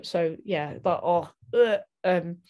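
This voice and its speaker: A woman's voice: lowish voice, slow pace, muffled recording. Hesitant self-deprecating woman. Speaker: comedian and podcaster, interview guest. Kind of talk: casual interview chat.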